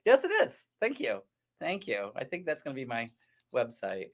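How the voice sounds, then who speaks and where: A man's voice: mid-range voice, huge pitch swings, normal speed, creaky. A man chatting casually while doing makeup, telling stories and jokes with many fillers and restarts. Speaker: makeup artist guest. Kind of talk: casual chat.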